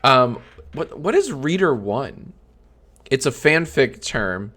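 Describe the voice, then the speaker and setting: Hosting a live stream, a man in his thirties speaks off the cuff and mocks what he reads aloud, swearing freely, turning sarcastic and breaking into high-pitched laughter. He is very animated yet slow-paced, with an ordinary middle pitch and a fairly bright tone.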